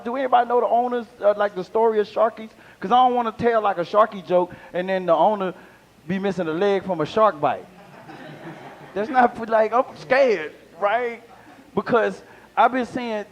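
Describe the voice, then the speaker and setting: An older man doing live stand-up comedy as a guest, rambling and playful, laughing at his own jokes. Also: high voice. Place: live comedy venue with audience.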